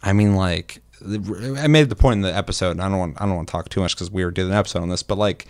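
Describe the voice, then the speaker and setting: Young man, very low voice, dry close sound, swearing casual podcast chat, acts out quotes. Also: fast talker, dry recording. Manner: profane, rambling, acts out quotes. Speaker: podcast co-host.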